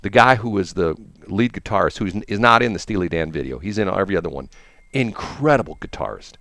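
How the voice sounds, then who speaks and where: A male host chatting on the radio, his pitch swinging widely as he rambles from one enthusiastic story to the next. The sound is dry and close, with no room around it. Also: animated, fast talker, a bit bright, dry recording. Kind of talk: casual chat.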